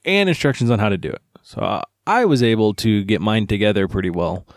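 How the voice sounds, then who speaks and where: A man's voice: lowish voice, lively intonation, brisk, dry recording, clean studio sound. A man co-hosting a podcast in casual chat, telling stories in a loose, rambling way. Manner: rambling, with restarts and fillers. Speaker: podcast co-host.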